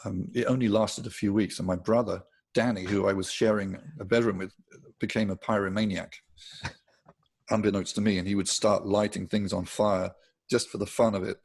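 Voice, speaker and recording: An older Englishman with a gravelly, husky voice tells anecdotes in a relaxed interview. He sits slightly low in pitch, chatty and quick to laugh. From England. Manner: chatty, laughs often while telling anecdotes. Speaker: guitarist guest. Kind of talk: casual interview storytelling.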